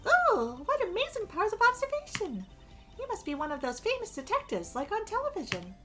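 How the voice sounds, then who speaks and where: Coy teasing young witness, super high, bouncy sing-song, game music faint underneath. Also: female voice, huge pitch swings, a little fast, fairly bright tone, full character voice. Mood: mocking. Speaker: streamer voicing game dialogue.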